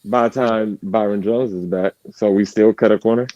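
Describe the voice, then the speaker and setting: A man's voice: on the low side, steady tone, warm tone, no echo, muffled recording. A man on a casual sports podcast who keeps interrupting to argue his point. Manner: quick to interrupt and object, argumentative.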